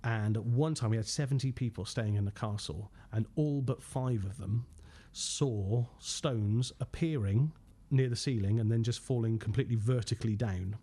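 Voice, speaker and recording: A man, a ghost hunter telling animated anecdotes in casual podcast chat, laughing often and acting out quotes. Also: medium pitch, normal speed, few pauses.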